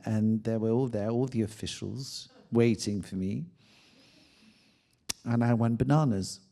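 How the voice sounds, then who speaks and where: A middle-aged man with a French accent tells a personal anecdote, his voice sitting a little low. He acts out what people said and lets his delivery swell as the story builds. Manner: animated anecdote telling with acted-out quotes. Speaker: guest. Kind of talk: conversational storytelling.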